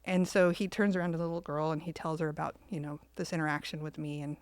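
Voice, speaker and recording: Woman, podcast co-host, chatty animated storyteller, slightly low voice, dry close sound. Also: fast, smooth, dry recording. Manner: animated storyteller, acts out quoted lines. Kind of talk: casual storytelling chat.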